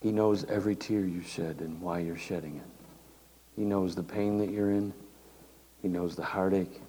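A man's voice: deep voice, fairly even intonation, moderate pace, mellow. An older man preaching a sermon in a folksy, conversational way. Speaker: pastor. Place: church hall. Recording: reverberant hall, faint noise.

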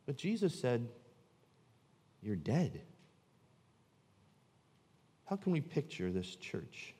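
A man preaching a sermon as pastor, swinging from loud, emphatic lines to low, hushed ones. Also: sing-song, takes it slowly, husky, in a large hall.

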